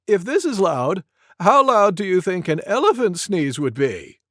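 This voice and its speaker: A woman's voice: fairly low pitch, big pitch swings, a little slow, no room sound, clean studio sound, voice pushed up. A woman voicing a curious female monkey with a cold in a children's storybook reading.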